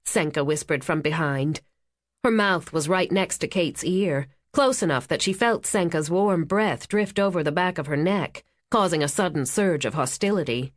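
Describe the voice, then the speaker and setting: A woman narrating a thriller audiobook in an even, steady storytelling manner on a close studio mic. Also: lowish voice, normal speed, dry recording.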